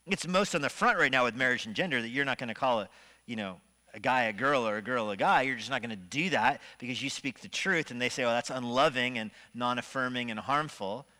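Bright-voiced pastor preaching in a reverberant hall. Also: male voice, medium pitch, quick pace. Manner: animated preaching with shifting loudness and rhetorical questions. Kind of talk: sermon. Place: church sanctuary. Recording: long reverb of a church hall.

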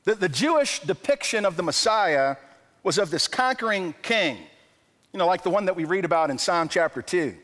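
A man preaching a sermon as pastor, animated and acting out quoted dialogue, often repeating words as he goes. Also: high-pitched, normal speed, in a large hall. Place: church sanctuary.

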